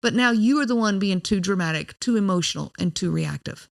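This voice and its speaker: A woman's voice: mid-range voice, animated, brisk, vocal fry. A woman hosting a podcast, explaining in an earnest, direct way and speaking straight to the listener. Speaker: podcast host.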